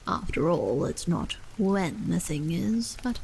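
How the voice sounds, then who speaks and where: A woman voicing a calm, faintly hostile stranger in a whispered role-play, with a measured drawl. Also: fairly low pitch, vocal fry, pitched below the performer's own voice, heavily acted, poor audio. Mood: aloof. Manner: cool, measured drawl, picking words. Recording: faint rain noise behind.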